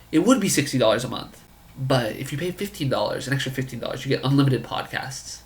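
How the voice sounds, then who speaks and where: A man telling a story about a friend's business pitch in a casual, incredulous way, acting out the dialogue. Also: expressive, quick pace. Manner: incredulous, quoting others in dialogue.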